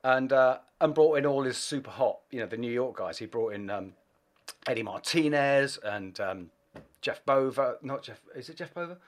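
A middle-aged English man, a bass player, telling animated anecdotes in a casual interview and laughing between phrases. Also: normal speed. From England.

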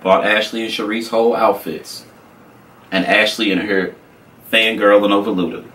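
A man's voice: lowish voice, normal speed, recorded from a distance, rough recording. A man telling a story casually, swearing freely and acting out the other people in it. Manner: animated, profane, acts out quotes.

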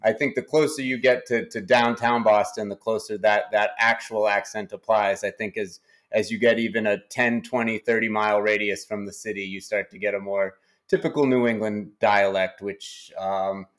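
A man with a New Hampshire accent, a company CEO speaking as a guest in an interview, halting and often repeating words. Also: lowish voice, fairly even intonation, a bit bright. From New Hampshire, United States.

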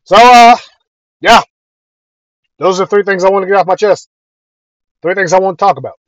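A man's voice: high voice, moderate pace, dry recording, rough recording. A man ranting bluntly and profanely to his viewers in a casual video, airing heated opinions. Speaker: video creator. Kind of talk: casual rant to camera.

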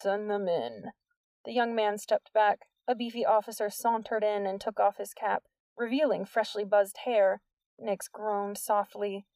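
Female audiobook narrator, dry distant sound, even delivery. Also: medium pitch, no echo.

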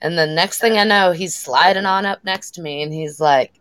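Low-voiced profane woman in her thirties. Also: fairly even intonation, normal speed, fairly bright tone, smooth, dry recording. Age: 30s. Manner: profane, storytelling with laughs. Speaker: podcast co-host. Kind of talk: casual chat.

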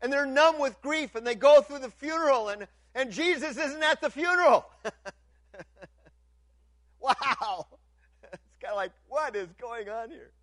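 A man preaching a sermon as pastor, repeating words as he restarts and moving from loud, lifted passages to hushed ones. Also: very high-pitched, animated, a little slow, long pauses, no echo.

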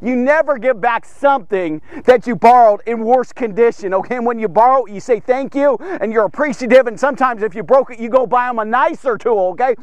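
A man with a very high voice teaches a Bible passage in a chatty, animated way. He keeps checking in with his listeners and acts out the people in the story. The recording is dry and close. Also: brisk, hardly any pauses, no echo. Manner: keeps checking in with "okay?" and "here's the thing". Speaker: devotional podcast teacher.

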